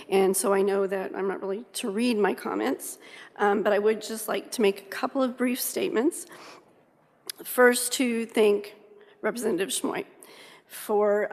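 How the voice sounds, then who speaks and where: A nervous woman from Kansas giving earnest public testimony at a legislative hearing, halting with frequent ums. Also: medium pitch. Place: large legislative hearing room. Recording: reverberant hearing room audio.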